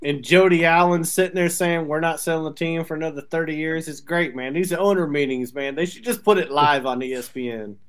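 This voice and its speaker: Male podcast co-host, higher voice, animated and profane, laughs a lot. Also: brisk, few pauses, clear, resonant tone. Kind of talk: casual sports chat.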